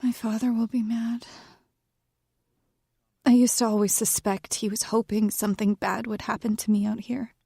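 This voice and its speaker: A weary, guarded young woman, played by a woman, speaks in a whispered role-play for a romance audio story. Her voice is breathy and dark-toned, held very close to the mic in a dry space. She stays hushed and quietly defiant. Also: fairly high pitch, little pitch movement, normal speed, pauses often, no room sound. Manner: soft, hushed delivery.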